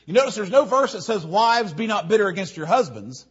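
A man's voice: sits high, animated, fairly quick, slightly rough, muffled recording. A man preaching a sermon, rambling into stories and repeating his phrases for emphasis.

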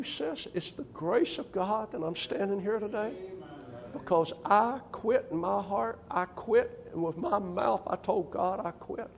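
A man's voice: sits high, lively intonation, measured pace, creaky, highs cut off. A man preaching a testimony sermon as a missionary to a church congregation, folksy and emphatic, often repeating himself for stress. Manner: folksy, emphatic, repeats "I'm telling you".

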